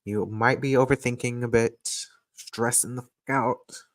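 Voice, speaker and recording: Playful, chatty astrology-tarot reader on a live stream, mid-pitched, unhurried delivery, close to the mic. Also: steady tone, no room sound. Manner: playful, chatty, laughs often. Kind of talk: casual live-stream reading. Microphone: desk microphone, close.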